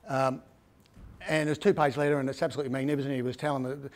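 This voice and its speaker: A man's voice: medium pitch, level tone, quick pace, darkish tone. A middle-aged man with an Australian accent, giving a casual, rambling book talk that is full of stories and tags like "right?". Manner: chatty, repeats "right?" often, rambling with restarts. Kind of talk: casual storytelling presentation.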